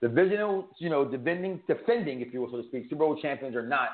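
A man hosting a sports betting show, joking and bantering, swinging from loud hype to low asides. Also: fast talker. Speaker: sports picks show host. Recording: echoey room over a tinny phone-like line.

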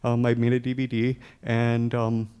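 A man's voice: medium pitch, normal speed, clean tone. A man telling a personal story to an audience in a humorous way, often chuckling as he talks. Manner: acts out dialogue with lively quoted voices.

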